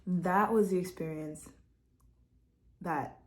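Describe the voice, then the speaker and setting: A woman's voice: lowish voice, slow pace. A young woman from Quebec, a vlogger sitting at home at her laptop, telling a personal testimony in a candid, heartfelt and chatty way. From Quebec, Canada.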